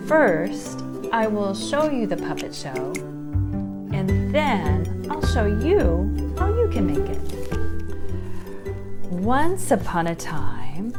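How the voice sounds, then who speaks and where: Slow, lively woman storyteller. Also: lowish voice. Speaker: puppet show presenter. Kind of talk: storytelling for children.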